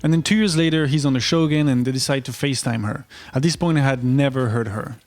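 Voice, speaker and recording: A man giving vlog commentary in a wry, incredulous way, with quick asides. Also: medium pitch, darkish tone, no room sound. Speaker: online commentator.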